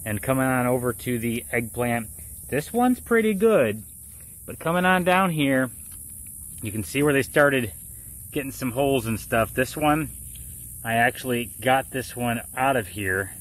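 Speaking at a measured pace with a medium pitch, this Florida man runs a casual how-to gardening vlog outdoors while wearing a face mask that muffles him. He talks through each step of the demonstration in a relaxed, conversational manner and frequently checks in with the listener.

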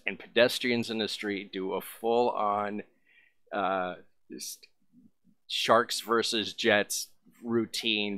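Man vlogger, lowish voice, dry close sound, loose rambling storytelling. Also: bright, forceful tone, no room sound. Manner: rambling, full of fillers. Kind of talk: casual storytelling.

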